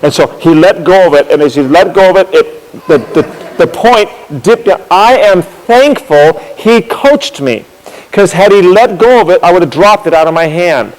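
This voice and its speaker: Here a slightly high-pitched man relates history in anecdotal storytelling fashion, expressive and at normal speed, his voice echoing as though in a big hall. Friendly and rambling, he repeats words as he searches for what comes next and uses props to show what he means.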